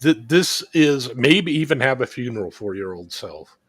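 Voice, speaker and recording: A man's voice: medium pitch, very animated, moderate pace, fairly bright tone, dry recording. Explanatory man on a dry mic. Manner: explanatory, thinks aloud with restarts. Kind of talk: casual recovery group chat.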